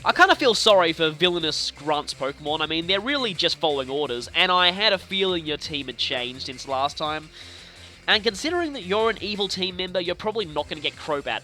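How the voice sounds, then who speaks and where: A young man casually commenting on his video game play, chatty and playful with animated reactions. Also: sits high. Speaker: let's play host. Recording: faint game music behind.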